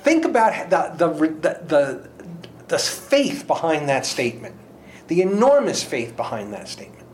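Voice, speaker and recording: A man's voice: fairly high pitch, huge pitch swings, normal speed, slight background noise. A man on a Bible study panel, speaking earnestly and emphatically as he quotes scripture. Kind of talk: casual Bible discussion.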